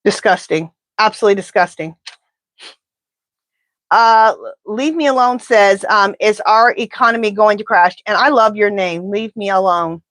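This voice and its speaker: A woman doing a live pendulum reading, talking in an animated, indignant, chatty way. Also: mid-range voice, moderate pace, no echo. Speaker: tarot reader.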